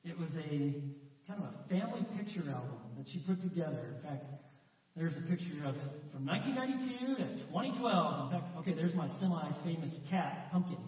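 A man preaching a sermon with animated storytelling, acting out the voices in his stories. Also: fairly high pitch, fairly quick. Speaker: pastor. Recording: echoey hall from far off, dull sound.

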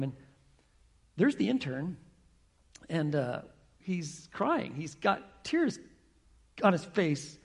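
A male pastor preaching to his congregation in a gravelly, husky voice that sits a little high for a man. He tells a story and keeps asking his listeners questions, drawing them into it. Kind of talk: sermon.

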